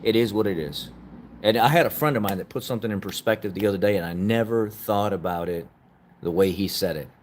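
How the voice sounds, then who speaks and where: A man's voice: lowish voice, fast talker, a little hiss or hum. A man hosting a casual opinion talk show, earnestly urging listeners with repeated phrases and getting openly emotional at times. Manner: earnest, repetitive motivational urging; openly emotional, laughs at himself. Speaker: podcast host.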